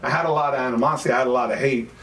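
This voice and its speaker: A man's voice: medium pitch, fairly even intonation, rapid-fire, a bit bright. New man in his fifties, storytelling. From New York. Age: 50s. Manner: storytelling, reflective, frequent restarts. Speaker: guest rapper. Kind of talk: casual chat. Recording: distant mic with faint background noise.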